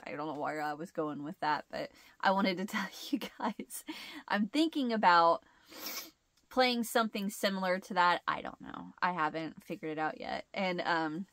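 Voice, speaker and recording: Woman, chatty vlog host, stuffed-up nasal sound, bright tone, dry close sound, rambling, laughs often. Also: fairly low pitch, expressive, moderate pace, no room sound. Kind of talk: casual chat.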